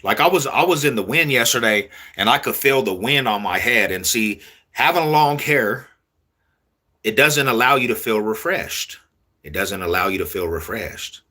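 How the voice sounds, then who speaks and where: A young man talking casually to his viewers in street slang, repeating himself in a loose, drawn-out way. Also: fairly low pitch, animated, sharp tone. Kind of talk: casual street talk to camera.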